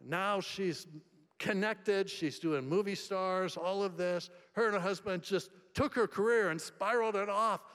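A male preacher with a somewhat high voice tells stories from the pulpit. His delivery is conversational, moving between hushed and emphatic. The hall gives every line a long, ringing reverb. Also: a little slow, smooth. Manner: conversational storytelling, swings between soft and emphatic. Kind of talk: sermon.

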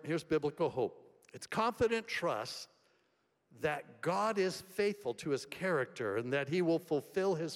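A man preaching a sermon in a conversational storytelling way, swinging between soft and emphatic delivery. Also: mid-range voice. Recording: long hall reverb.

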